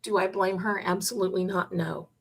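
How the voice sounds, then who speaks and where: A woman's voice: medium pitch, steady tone, a little fast, slightly rough. A woman hosting a live psychic stream, chatting emphatically and telling stories to her viewers. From Italian heritage. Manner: chatty, emphatic, drifts into quoted voices. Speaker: psychic livestream host. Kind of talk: live chat storytelling.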